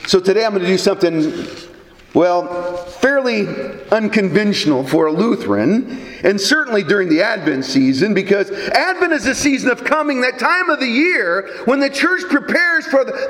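A man's voice: high voice, very animated, normal speed, fairly bright tone. A man, a Lutheran pastor, preaching a sermon and telling stories in a conversational way. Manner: storytelling, conversational with occasional restarts. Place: church sanctuary. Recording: echoey hall with long reverb.

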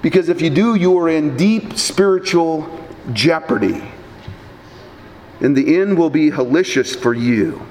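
A male pastor giving a funeral sermon, dramatic, swinging between loud emphatic highs and low quiet drops, firing rhetorical questions at the mourners. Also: animated, unhurried. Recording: long hall reverb, faint background noise.

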